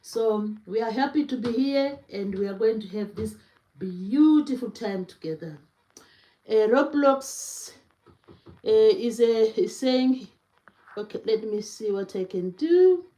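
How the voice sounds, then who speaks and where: Slow-talking woman in an echoey room. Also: on the high side, animated. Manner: slow, warm greetings to chat viewers. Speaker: cooking livestream host. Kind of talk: casual livestream chat.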